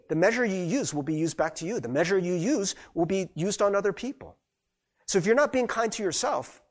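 Man, pastor, conversational sermon, husky voice, slightly high pitch, very expressive. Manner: conversational, animated, acts out quoted voices.

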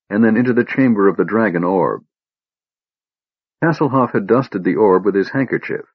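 Audiobook narrator: man, low husky voice, steady measured reading, dry dull recording. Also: no echo. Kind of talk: scripted fantasy narration.

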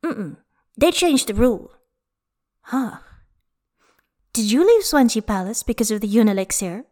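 Brief: tipsy young flower fairy girl, coy and lilting, pitched high; woman narrator puts her on. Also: animated, a little slow, darkish tone. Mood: soft coaxing.

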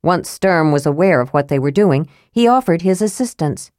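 A woman with a low voice narrates an audiobook in a steady, clear storytelling manner. The recording is close and dry, with no room sound behind her. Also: moderate pace, dry recording.

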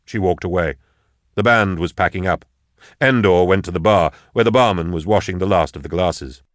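A man narrates an audiobook in a measured, even way, with a fairly low voice. The recording is dry and close, with no room sound. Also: no echo. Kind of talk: scripted narration.

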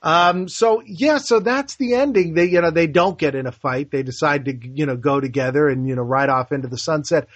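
Enthusiastic about films, a male podcast co-host recounts movie scenes in a fairly high, brisk voice that barely pauses. The audio is dry and lo-fi with a dull tone and no room sound.

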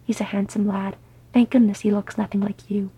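A woman voicing a proud male dwarf king who speaks low and wry. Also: little pitch movement, brisk, warm tone, husky.

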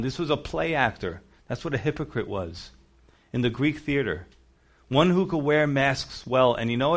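A male pastor preaching a casual, conversational sermon, acting out quotes and cracking jokes with laughter. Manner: animated, acts out quotes with shifting pitch and volume; conversational, jokey asides with laughter.

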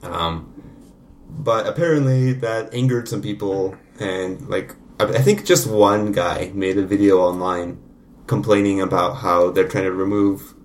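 A man's voice: fairly low pitch, a little slow, a little hiss or hum. A young man co-hosting a casual podcast, rambling through a story with lots of "like" and "um". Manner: rambling, hedging with "like" and "um". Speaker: podcast co-host. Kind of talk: casual chat.

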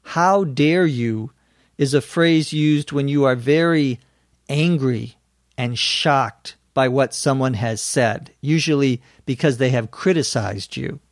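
A male English teacher explains phrases in a careful, deliberate way. He speaks very slowly at a mid pitch. The recording is dry and close, like a studio mic. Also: no room sound. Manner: slow, careful, deliberate delivery.

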